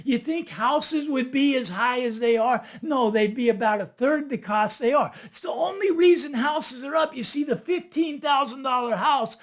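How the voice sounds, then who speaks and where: A man hosting his own finance channel, talking to camera in a casual, animated monologue and tagging his points with "right?". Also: extremely high pitch, normal speed, few pauses. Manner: animated, chatty, keeps asking "right?". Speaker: finance video host.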